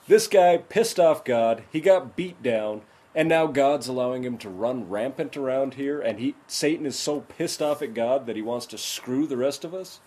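A man's voice: mid-range voice, a little mellow, husky. A man co-hosting a casual chat, offering wry, dry commentary. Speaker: podcast co-host.

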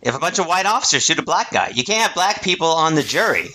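Man, podcast co-host, ironic deadpan jokes, animated pitch. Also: quick pace. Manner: deadpan ironic quips, laughs often. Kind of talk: casual comedic chat.

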